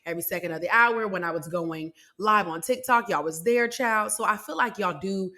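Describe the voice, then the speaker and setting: A woman hosting a podcast, telling a personal story in an emotional, animated, faith-filled way and speaking straight to her listeners. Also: mid-range voice, normal speed. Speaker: podcast host.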